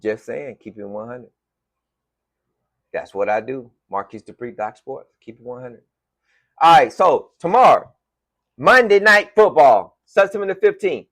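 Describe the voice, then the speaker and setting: Animated Southern man talking sports. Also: mid-range voice, measured pace, pauses often, no echo. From Florida, USA. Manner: animated, emphatic, repeats phrases for effect. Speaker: sports podcast host. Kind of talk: casual sports talk monologue. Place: home room with team decorations.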